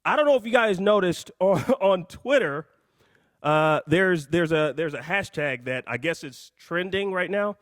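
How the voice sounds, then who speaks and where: A man hosting a live call-in show, out of breath, talking in a hyped, jokey, rambling way that swings between loud and soft. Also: high voice, expressive, measured pace, dry recording, clean studio sound.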